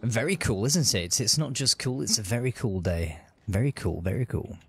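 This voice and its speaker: A man's voice: medium pitch, lively intonation, normal speed, fairly bright tone, slightly rough. A man giving casual, upbeat commentary while streaming a game. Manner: chatty, upbeat, self-narrating. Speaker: gaming streamer.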